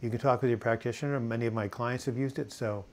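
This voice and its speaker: An older man talks at a webcam from his home, hosting a live stream about mental health. He rambles in a relaxed way and reads out viewer questions. His speech is full of fillers and restarts. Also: medium pitch, fast talker. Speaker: host of a live video chat on mental health. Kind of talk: casual live-stream chat reading viewer comments. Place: home in Portland, US.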